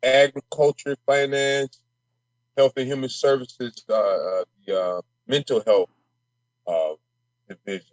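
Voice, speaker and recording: Speaking steadily at a measured pace in a mid-range voice, this Minnesota state representative is a guest on a casual podcast. Brash and passionate, he stumbles and doubles back on words as he heats up. The recording is dry and sounds dull.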